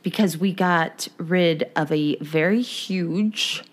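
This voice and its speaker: A woman co-hosting a podcast in casual chat, animated and quick to laugh and react. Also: on the low side. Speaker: podcast co-host.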